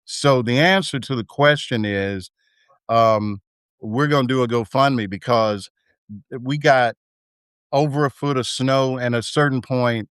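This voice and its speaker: A man talking as a guest in a casual live video chat, halting and filling pauses with um and you know. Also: medium pitch, a bit bright, clean tone, dry recording, studio quality. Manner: halting, full of fillers and restarts.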